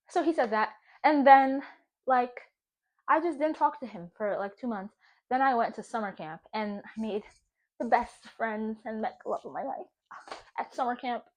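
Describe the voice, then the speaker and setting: A young woman vlogger chatting casually while baking at home, animated and profane, laughing often as she talks. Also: a little high.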